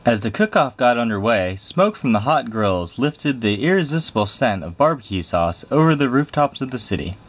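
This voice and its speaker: A man reading a picture book aloud in a lively, expressive way. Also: medium pitch, normal speed, hardly any pauses. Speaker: storybook reader.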